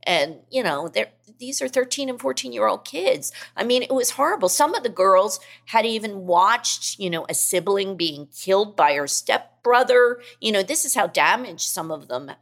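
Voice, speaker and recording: A woman's voice: medium pitch, expressive, normal speed, creaky, hardly any pauses, fairly bright tone. A middle-aged woman, an investigative reporter, talking as a guest in a podcast interview in an earnest, emphatic way.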